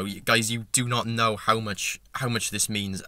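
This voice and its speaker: Young man, overexcited vlogger, lowish voice with a sharp bright edge, dry close sound, trips over his words. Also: steady tone, a little slow, hardly any pauses, no echo. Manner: breathless, stumbling, emotional. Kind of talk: impulsive excited vlog.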